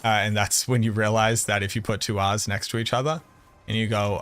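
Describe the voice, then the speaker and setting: A man with a Boston accent chatting casually on a game stream, telling animated stories and swearing freely. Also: on the low side, fairly quick. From Boston area, USA. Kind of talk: casual live-stream chat.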